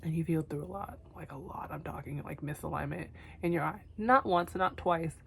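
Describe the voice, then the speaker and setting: Low, gravelly-voiced woman, tearful and whispery. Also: fairly quick. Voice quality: soft, often whispery. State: teary and losing her voice. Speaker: vlogger. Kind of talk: emotional self-talk to camera.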